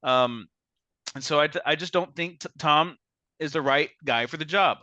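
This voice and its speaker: A man hosting a casual sports podcast, giving measured opinions with frequent restarts. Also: a little high, pushed and bright, no room sound, highs cut off. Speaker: podcast host.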